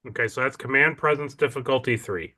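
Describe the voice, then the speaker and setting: A man's voice: mid-range voice, a little fast, bright, forceful tone, no echo. A man running a tabletop game as game master, narrating casually and hedging with "like" and "kind of".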